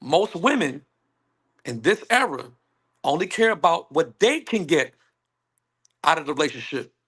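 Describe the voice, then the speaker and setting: A man speaking on a panel call, emphatic and animated, acting out what others say to him. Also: a little high, measured pace, slightly rough. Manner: animated, emphatic, acts out quoted women. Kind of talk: casual panel discussion. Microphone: phone on a call.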